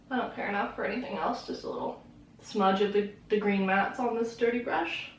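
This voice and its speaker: A woman's voice: a little high, moderate pace, a little hiss or hum. A young woman chatting casually through a makeup tutorial, rambling and laughing often. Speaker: beauty vlogger. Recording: roomy echo, mic at a distance.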